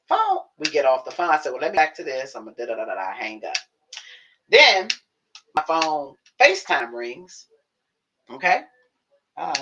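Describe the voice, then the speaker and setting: A woman livestreaming from her home office, telling a story to her viewers in a casual, animated way, acting out the conversations. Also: a bass voice, lo-fi sound, a little hiss or hum. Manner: animated, acts out conversations, talks to herself. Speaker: livestream host.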